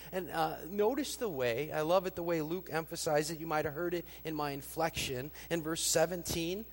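Expressive pastor preaching in an echoing hall. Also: male voice, moderate pace. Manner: expressive, acts out quoted lines with rising pitch and emphasis. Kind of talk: sermon. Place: church sanctuary. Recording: long reverb of a large hall.

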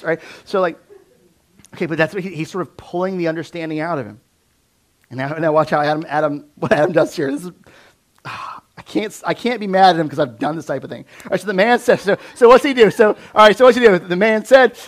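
A man preaching a conversational sermon, acting out voices of Bible figures and often dropping to a low, quiet voice. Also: fast talker. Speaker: pastor.

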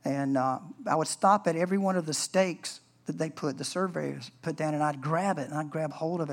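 A man's voice: on the high side, fairly even intonation, brisk, hardly any pauses. A man preaching a sermon as pastor in an earnest, conversational way.

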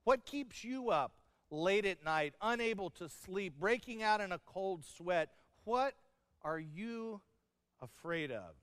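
High-voiced male pastor, smooth and clear. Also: lively intonation, takes it slowly, a bit bright, no echo, in a large hall. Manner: storytelling with humor and acted-out quotes. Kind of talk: sermon.

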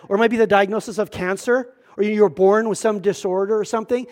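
A man's voice: high-pitched, fairly even intonation, brisk, a little mellow. A male pastor preaching a sermon in a church, earnest and emphatic, often repeating words as he starts a thought.

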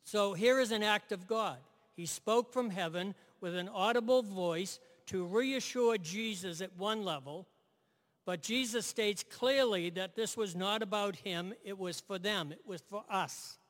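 A man's voice: high-pitched, measured pace, fairly bright tone, big-room sound. A man preaching a sermon in a conversational way, asking his listeners "right?" and repeating key phrases.

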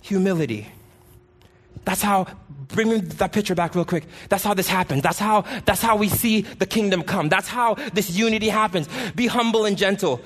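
High-pitched, impassioned male preacher. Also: moderate pace. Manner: impassioned, rising to pleading shouts and dropping low. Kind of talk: sermon.

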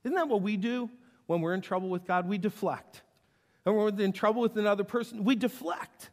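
A man preaching a sermon in an animated way, acting out the voices he quotes. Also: high-pitched, moderate pace. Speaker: pastor. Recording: long hall reverb.

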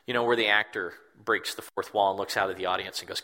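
A man's voice: sits low, fast talker, hardly any pauses, sharp tone. A man preaching a sermon in an earnest, reflective way, repeating words for emphasis. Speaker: pastor.

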